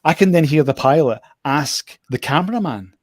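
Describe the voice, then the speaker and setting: A man's voice: a little high, lively intonation, moderate pace, no room sound. Man rambling through a story, dry sound. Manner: rambling storyteller, repeats words, laughs often. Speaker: guest drone show operator. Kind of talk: casual chat.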